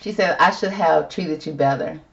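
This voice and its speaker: A woman's voice: deep voice, moderate pace, gravelly, muffled recording. A woman doing a casual tarot reading, chatty and sassy, calling viewers girl and y'all. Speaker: tarot reader.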